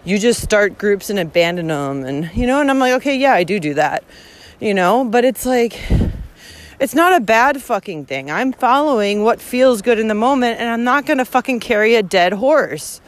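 A woman's voice: fairly high pitch, expressive, normal speed. A woman hiking vlogger talking casually and bluntly on the trail, swearing a lot and laughing often as she rants. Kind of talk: casual rant while walking.

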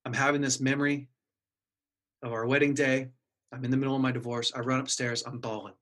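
A man's voice: medium pitch, little pitch movement, a little fast, fairly bright tone. A middle-aged man earnestly telling a personal story in casual conversation, acting out his own inner dialogue. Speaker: guest sharing a personal story.

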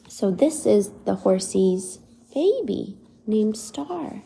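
Woman reading to a child, lively and slow, gravelly edge, mellow tone. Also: medium pitch. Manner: animated, asks the child questions. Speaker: reader to a child. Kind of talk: reading a picture book aloud.

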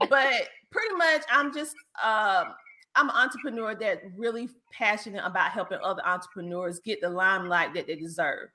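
A woman from South Carolina with a Southern accent, a business coach chatting as a guest on a show and laughing often. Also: mid-range voice. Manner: animated, laughs often, drawn-out Southern speech. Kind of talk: casual interview chat.

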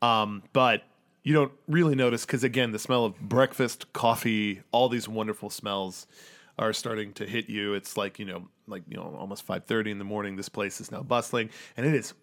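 A young man running a tabletop game as game master. He narrates in a halting way, with many restarts and fillers, and laughs often. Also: lowish voice, fairly even intonation, a bit bright.

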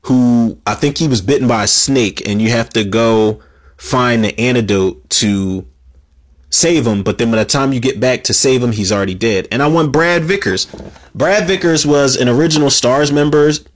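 A man talking alone on his own show in a loose, rambling way. He stammers and restarts often and swears freely. His voice sits at an ordinary middle pitch. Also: moderate pace. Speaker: podcast host. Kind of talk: casual solo commentary.

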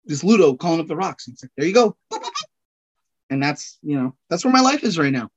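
A man's voice: fairly high pitch, big pitch swings, fairly quick, breathy edge, dull audio. A man chatting as a podcast guest, rambling and joking, laughing at himself. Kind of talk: casual chat.

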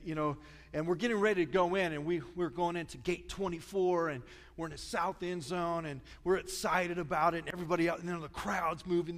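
A middle-aged man preaching a sermon, telling stories in a chatty, self-mocking way. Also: a little high. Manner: storytelling, chatty, self-deprecating humor. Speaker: pastor. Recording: long reverb of a large church hall.

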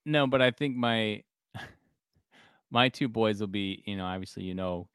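A man's voice: lowish voice, normal speed, fairly bright tone, smooth, no echo, studio quality. A man in his thirties co-hosting a podcast, telling family stories in casual chat and laughing often. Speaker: podcast co-host.

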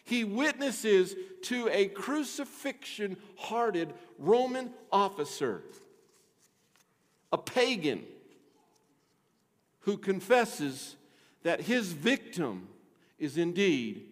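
A middle-aged male pastor preaching a sermon, emphatic, swinging between quiet and loud, questioning the congregation. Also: high voice. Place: church sanctuary. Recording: long reverb of a church hall.

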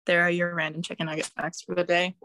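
A woman's voice: lowish voice, little pitch movement, fast talker, fairly bright tone, a little hiss or hum. A young woman, a podcast guest, chatting casually and giggling while speaking into her phone. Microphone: phone held up to her face.

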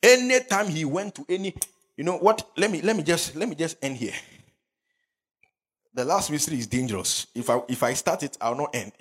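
A male pastor preaches with fervour. His voice sits fairly high and swings widely up and down, with a husky grain. He keeps calling out to his listeners for answers. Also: expressive, brisk, a bit bright. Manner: fervent preaching with call and response to the congregation. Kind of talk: sermon.

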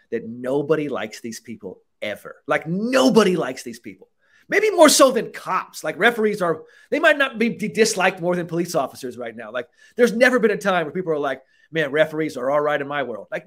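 A man hosting a casual podcast, coaching in an animated way, swearing freely and acting out quoted lines. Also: medium pitch. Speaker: podcast host, mental performance coach.

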